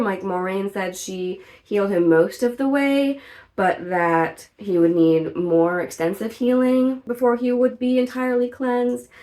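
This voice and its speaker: Chatty woman reviewing a fantasy show. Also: medium pitch. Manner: chatty and animated, frequent "like" fillers; outspoken, swears in mock outrage. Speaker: video reviewer.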